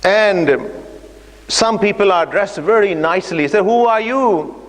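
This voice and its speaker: Male lecturer, fairly high voice, narrative talk with fillers, long hall reverb. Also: measured pace. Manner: imaginative journey narrative, acting out dialogue with hesitant fillers. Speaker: speaker giving an Islamic talk. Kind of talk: storytelling lecture. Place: mosque or community centre hall.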